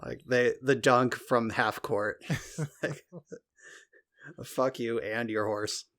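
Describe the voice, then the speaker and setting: A man's voice: medium pitch, fairly even intonation, slow, fairly bright tone. A man co-hosting a podcast in casual chat, rambling with lots of fillers and the odd swear, speaking from a home recording room. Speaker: podcast co-host.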